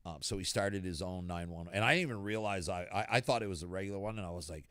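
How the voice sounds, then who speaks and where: A man's voice: deep voice, quick pace, a bit bright, clean tone, no echo, clean studio sound. A man with a rural New England accent hosting a casual podcast chat, swearing freely and laughing as he tells stories. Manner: profane, laughing storyteller. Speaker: podcast host.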